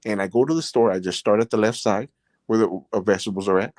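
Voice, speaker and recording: A man's voice: lowish voice, fast talker, darkish tone, no room sound. A middle-aged man telling his own stories in a casual, rambling way, leaning on "you know" and getting earnest and emotional. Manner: rambling, leans heavily on "you know" fillers; earnest and emotional when recounting his experiences. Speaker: podcast host, former prisoner. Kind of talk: casual storytelling.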